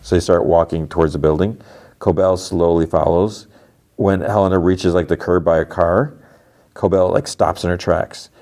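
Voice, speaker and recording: A man's voice: low voice, fairly even intonation, moderate pace, a little mellow. A man hosting a podcast, casually recapping a TV episode in a loose, rambling way full of filler words. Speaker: podcast host.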